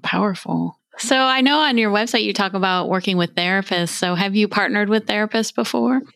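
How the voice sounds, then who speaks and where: A woman's voice: medium pitch, brisk, gravelly, fairly bright tone, clean tone, no room sound. A woman hosting a podcast interview, responding in an affirming, reflective way. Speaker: podcast host. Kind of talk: casual interview conversation.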